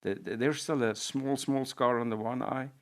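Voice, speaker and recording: A man's voice: medium pitch, moderate pace. A man, a pastor, earnestly telling a personal testimony in conversation, with frequent restarts. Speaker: pastor and guest.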